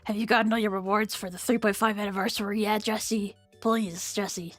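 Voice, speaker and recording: A young adult woman streaming, chatting casually with viewers, rambling and giggly, swearing freely and jumping into squeaky high bits. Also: steady tone, normal speed, pauses often, no room sound, soft background music.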